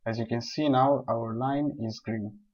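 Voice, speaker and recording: Guy narrating a photo editing tutorial step by step, steady, bit of a dull lo-fi mic sound. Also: medium pitch, unhurried, slightly rough. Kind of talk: screen-recorded software tutorial. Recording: dull lo-fi voice recording.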